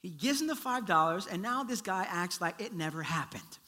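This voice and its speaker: A man preaching a sermon, telling a story in a lively way and acting out its characters. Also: high-pitched, normal speed. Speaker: pastor.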